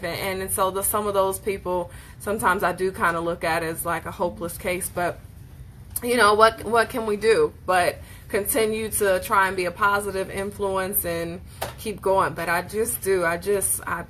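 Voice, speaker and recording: Woman, bright voice, emphatic, preacherly motivational talk, faint background noise. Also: medium pitch. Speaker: host leading a book discussion.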